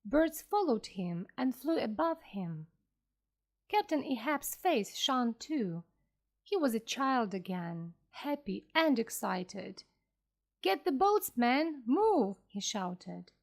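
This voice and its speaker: A woman narrates a classic tale for beginners of English, word by word at a slow, deliberate pace. Her voice is a bit high and rises and falls a great deal. She reads with clear, careful expression. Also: big pitch swings. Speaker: audiobook narrator. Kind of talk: slow storybook reading for English learners.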